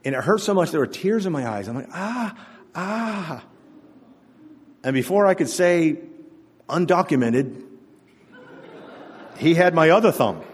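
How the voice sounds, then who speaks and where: A man's voice: on the high side, lively intonation, normal speed, pauses often, slightly rough. A male pastor giving a sermon to his congregation in a church, telling stories in a conversational, humorous way. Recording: echoey church hall.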